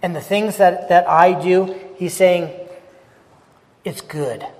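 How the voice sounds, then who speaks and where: High-voiced man preaching in a reverberant hall. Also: steady tone, slow. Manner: rhetorical questions, repeats phrases, swings from loud to soft. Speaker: pastor. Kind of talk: sermon.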